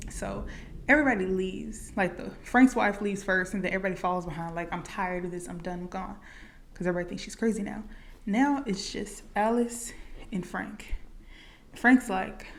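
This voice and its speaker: A woman's voice: mid-range voice, vocal fry, a little hiss or hum. Chatty woman recapping a movie. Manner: chatty, many likes and fillers. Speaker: movie reaction vlogger.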